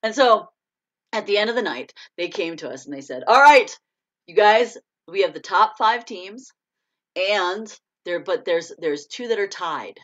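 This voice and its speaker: A middle-aged American woman, an author, chatting casually to a live audience, laughing often and breaking into excited bursts. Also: medium pitch, unhurried. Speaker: author hosting a live chat. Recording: dull lo-fi stream audio.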